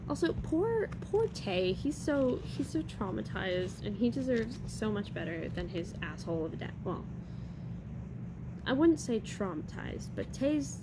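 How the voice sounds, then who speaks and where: A young woman talks through a manga chapter by chapter from her college dorm room. She rambles in a casual, chatty way, restarting her sentences often, in a voice of middling pitch. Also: noisy background. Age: young adult. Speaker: manga reviewer.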